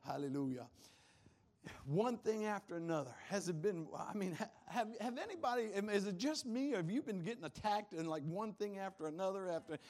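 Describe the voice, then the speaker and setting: A man preaching a sermon as pastor, animated, firing questions at the congregation and laughing often. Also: high-pitched, a little fast.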